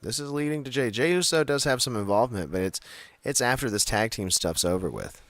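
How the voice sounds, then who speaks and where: A man's voice: mid-range voice, expressive, fairly quick, fairly bright tone, dry recording. A man co-hosting a casual wrestling podcast, rambling with many fillers and frequent laughs. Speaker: podcast co-host.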